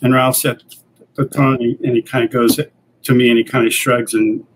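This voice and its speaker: A man's voice: mid-range voice, normal speed, rough recording. Older male interview guest, easygoing storyteller, mid-range voice, faint hiss behind. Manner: relaxed anecdotal, acts out quoted dialogue. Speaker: guest, comics creator and editor.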